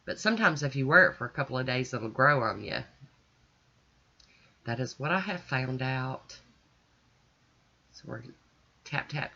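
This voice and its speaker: Woman, stuffy nasal voice, bright and forceful, chatty nail host, dull lo-fi recording. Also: low-pitched. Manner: chatty, gushing and folksy. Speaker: nail art channel host. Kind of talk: casual demonstration chat.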